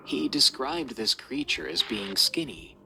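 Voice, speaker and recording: A man's voice: medium pitch, lively intonation, unhurried, creaky, noisy background. A man narrating a scripted horror story in a dramatic, suspenseful reading.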